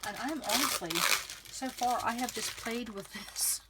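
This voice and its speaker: Over heavy background noise, a woman speaks at a measured pace in a slightly high voice. She's a craft vlogger doing a casual scrapbooking tutorial, musing aloud as she goes and frequently turning to the viewer.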